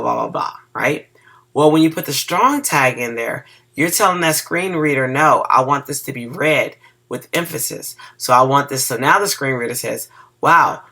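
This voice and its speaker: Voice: medium pitch, pushed and bright. A web design teacher giving a casual screen-recorded coding lesson. The teacher is groggy from cough medicine, stumbles over words and keeps checking in with "okay?".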